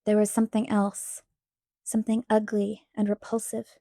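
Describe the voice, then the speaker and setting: Mellow woman reading an audiobook. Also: medium pitch, gravelly, no echo, clean studio sound. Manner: measured, expressive storytelling. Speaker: audiobook narrator. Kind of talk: scripted narration.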